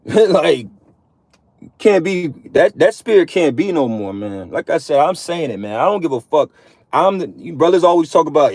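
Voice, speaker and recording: A man's voice: fairly high pitch, animated, moderate pace, a little mellow, no echo. Man, streetwise self-styled preacher, profane and repetitive, dry close sound. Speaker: online preacher addressing men. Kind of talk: casual preachy monologue.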